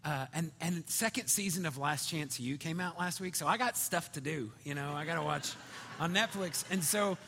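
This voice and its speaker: A man preaching a sermon in a conversational, storytelling way, swinging between loud and hushed. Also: a little high, moderate pace, gravelly, husky. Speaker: pastor. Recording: reverberant hall.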